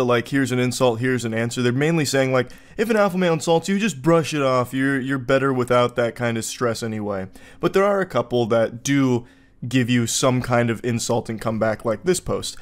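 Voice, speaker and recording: A man giving reaction commentary in a sarcastic, incredulous tone, often jumping into exaggerated high quips. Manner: sarcastic, incredulous, mock-puzzled. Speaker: online commentator.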